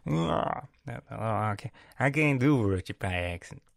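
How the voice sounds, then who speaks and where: A man's voice: on the low side, expressive, a little fast, vocal fry, no room sound. A 20-year-old man talks in a rambling, profane vlog style. He uses lots of slang and restarts, and his breath is audible on a close mic. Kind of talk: casual rambling vlog chat.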